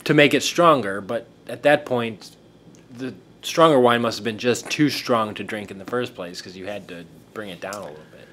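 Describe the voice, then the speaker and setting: A man's voice: fairly low pitch, normal speed, a bit bright, a little hiss or hum. Easygoing man thinking aloud. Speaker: podcast co-host. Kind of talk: casual chat.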